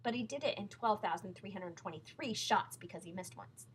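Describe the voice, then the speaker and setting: A woman reading a children's book aloud in a lively, playful way. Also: mid-range voice, brisk, slight background noise, rough recording. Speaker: storyteller.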